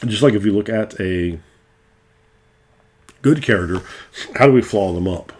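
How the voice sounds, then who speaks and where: A man's voice: on the low side, moderate pace, darkish tone. A middle-aged man and game master talking casually in a rambling way, restarting often and swearing freely. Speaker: game master and video host.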